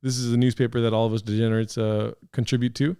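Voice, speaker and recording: A man's voice: mid-range voice, level tone, fast talker, dark tone, clear, resonant tone. A man streaming for hours, reacting to clips with dry, sarcastic, rambling talk.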